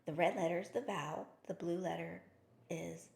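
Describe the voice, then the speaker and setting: A woman's voice: on the low side, fairly even intonation, moderate pace, vocal fry, a little mellow. A woman teaching phonics to teachers and parents, explaining patiently and upbeat with playful kid-friendly terms, asking questions and answering them herself. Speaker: reading teacher. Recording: echoey room.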